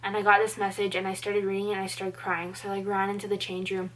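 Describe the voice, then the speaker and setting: A woman's voice: medium pitch, completely flat delivery, fast, a bit bright. Chatty young woman telling her story. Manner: earnest, chatty, with frequent "like" fillers. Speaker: vlogger. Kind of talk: personal storytelling to camera.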